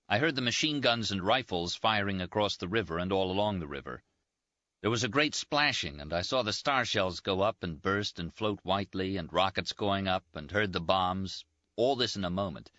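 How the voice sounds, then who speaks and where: A man reading a novel aloud in a measured, grave first-person narration, in a muffled dry recording. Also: deep voice, expressive, pushed and bright, dry recording. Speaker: audiobook narrator. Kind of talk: scripted narration.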